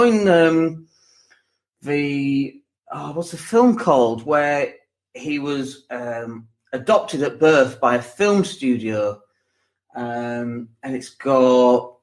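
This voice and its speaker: A man in his forties giving a rambling, conversational motivational talk on his podcast, with lots of asides and filler words. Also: fairly high pitch. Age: 40s. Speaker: podcast host. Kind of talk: motivational monologue.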